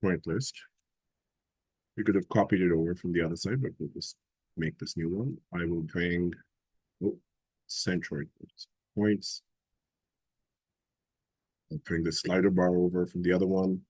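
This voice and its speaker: A man leads a live software class, walking through each step and thinking aloud as he goes. His voice sits low and a little husky. The sound is close and dry, with no room echo. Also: steady tone, measured pace, long pauses. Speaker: instructor.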